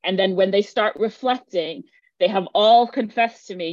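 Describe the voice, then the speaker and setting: A woman's voice: medium pitch, normal speed, dry recording. A woman speaking as a business coach, giving emphatic, insistent advice and repeating her points for weight. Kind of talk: direct-to-camera advice talk. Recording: dry, slightly muffled sound.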